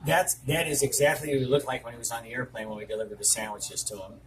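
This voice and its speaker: A man's voice: mid-range voice, steady tone, fast talker, a bit bright. An older man who runs a restaurant, telling anecdotes to an interviewer in a rambling way, full of fillers. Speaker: restaurant owner. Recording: noisy room ambience.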